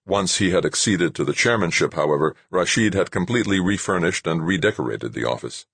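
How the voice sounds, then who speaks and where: A man narrating an audiobook in a measured, expressive way. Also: deep voice, gravelly, husky, no echo. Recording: dry close recording.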